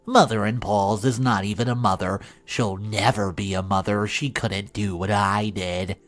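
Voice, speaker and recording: A man's voice: fairly low pitch, fairly even intonation, moderate pace, soft background music, close to an everyday voice. A man voicing a resentful, meddling middle-aged mother-in-law who talks in a whiny, indignant way.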